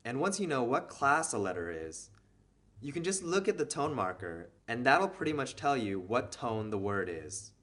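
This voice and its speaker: A man's voice: medium pitch, big pitch swings, moderate pace, a bit bright. A man patiently explaining a beginner reading lesson step by step, as the teacher of a language video series.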